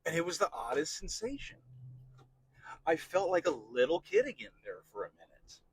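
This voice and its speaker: A man's voice: on the high side, big pitch swings, normal speed, husky, low-quality recording. A middle-aged man hosting a podcast, talking through a candid personal monologue in a rambling, repetitive way with frequent swearing. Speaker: podcast host.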